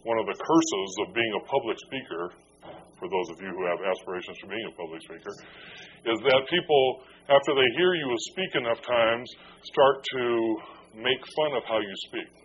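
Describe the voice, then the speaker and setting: A man's voice: on the low side, normal speed, fairly bright tone. A man preaching a conversational sermon as a pastor, joking and self-deprecating as he goes. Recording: dull lo-fi with faint noise.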